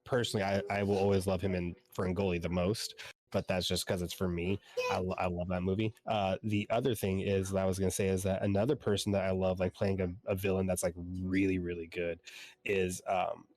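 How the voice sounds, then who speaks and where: A man's voice: low voice, little pitch movement, a little fast, a little mellow. A man co-hosting a podcast, chatting casually and rambling enthusiastically, with a casual swear here and there. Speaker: podcast co-host. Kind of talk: casual chat.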